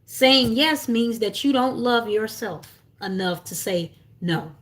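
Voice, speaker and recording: A woman's voice: a little high, takes it slowly, a bit bright. Earnest young woman on a livestream. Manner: earnest, repetitive, encouraging, many fillers and restarts. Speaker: self-love coach and author. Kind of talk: casual livestream talk.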